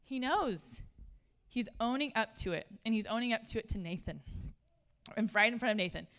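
A woman, preaching a sermon in a conversational, animated way and laughing often. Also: fairly high pitch, normal speed. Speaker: pastor.

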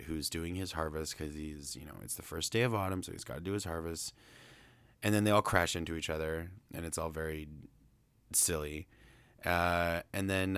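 A man's voice: low voice, fairly even intonation, normal speed, a bit bright, clean tone, no echo. A man casually recapping a film's plot in a chatty, rambling, amused way. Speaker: film reviewer.

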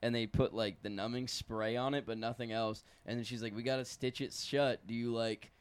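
A man's voice: medium pitch, steady tone, moderate pace, clean tone. A man hosting a casual podcast, telling a story loosely with a lot of swearing.

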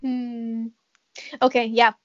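A woman's voice: a little high, completely flat delivery, slow pace. Giggly young woman on muffled audio. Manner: giggly, searches for words. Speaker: podcast guest. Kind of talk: casual chat.

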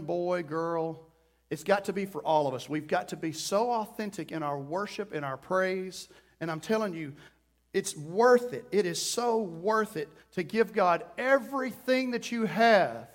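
High-voiced man preaching with passion. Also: measured pace. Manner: impassioned preaching, rising to loud pleading prayer; acts out quoted voices mid-sermon. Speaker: pastor. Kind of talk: sermon.

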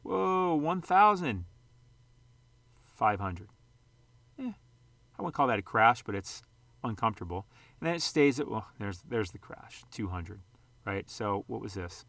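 A man's voice: on the low side, very animated, measured pace, creaky, long pauses, fairly bright tone, no echo. A man hosting a casual vlog, rambling and conversational, throwing out rhetorical questions and the odd mild curse. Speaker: sports card channel host.

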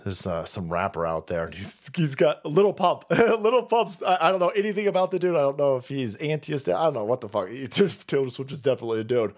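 A man from the San Francisco Bay Area ranting profanely as a streamer, mocking and swinging between muttering and yelling. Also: mid-range voice, very animated, fairly quick, hardly any pauses. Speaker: streamer and political commentator. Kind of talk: profane political rant.

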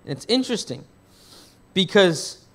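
A man's voice: high-pitched, very animated, a little slow. A man preaching a sermon as pastor. He asks the congregation questions and answers them himself, rephrasing as he goes. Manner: rephrases and restarts mid-thought.

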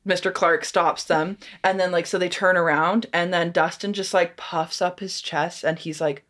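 A young woman co-hosting a podcast in casual chat, animated, laughing often and swearing as she acts out scenes. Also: lowish voice, normal speed, hardly any pauses. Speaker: podcast co-host.

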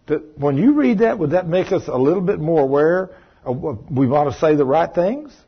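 In an old-sounding, dull, lo-fi recording, a man with a slightly high, husky voice preaches a folksy, emphatic sermon, expressive and at a moderate pace. Between points he slips in plain conversational asides.

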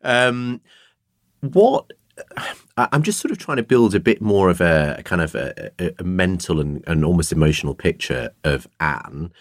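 A man's voice: low voice, big pitch swings, normal speed, no echo, clean studio sound. A male host interviewing a comedian, asking playfully probing questions with a wry tone. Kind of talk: casual podcast interview.

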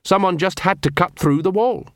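A man reading an audiobook, voicing an earnest, honest young watchman who speaks calmly and courteously. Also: high voice, moderate pace, no room sound, clean studio sound, voice pushed up. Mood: polite. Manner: calm, courteous, plainly sincere.

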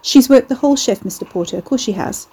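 A woman voicing a nervous older shop manager in a storybook reading, hesitant and stammering, with a husky voice. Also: fairly high pitch, animated, quick pace, mellow, pitched above the performer's own voice.

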